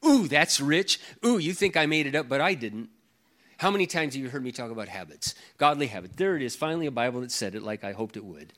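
A man's voice: mid-range voice, animated, fast talker, a bit bright. A middle-aged man preaching a sermon as pastor, emphatic and given to repeating his key phrases.

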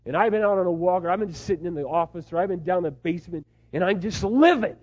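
A middle-aged man preaching a sermon, moving between hushed, tender asides and loud, impassioned pleas. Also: sits high, rapid-fire, lo-fi sound. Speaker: pastor.

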